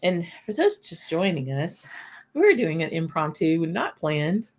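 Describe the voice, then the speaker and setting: A middle-aged woman hosts a relaxed live whisky tasting. Her voice sits a little low, and she chats in a folksy way, greeting viewers by name. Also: a little slow. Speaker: host.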